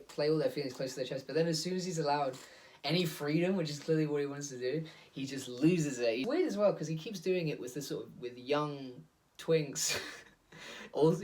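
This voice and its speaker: A man's voice: on the high side, a little mellow. A man hosting a casual solo monologue, rambling and digressive, full of fillers and laughs, recorded on a phone. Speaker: host.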